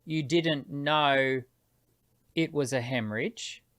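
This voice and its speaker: Halting male voice teacher hosting. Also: a little high, a bit bright. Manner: halting, repeats words when starting his sentences. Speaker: host, voice teacher. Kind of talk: casual interview questions.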